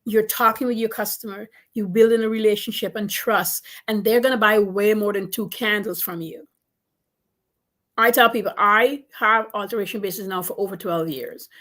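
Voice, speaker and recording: A woman business coach giving advice in an interview, animated and emphatic, repeating her points for stress. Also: mid-range voice, normal speed.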